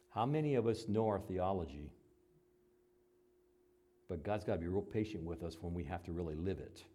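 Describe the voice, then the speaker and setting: A man preaching a sermon, moving between loud emphatic passages and quiet conversational asides, and acting out the voices he quotes. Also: mid-range voice. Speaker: pastor.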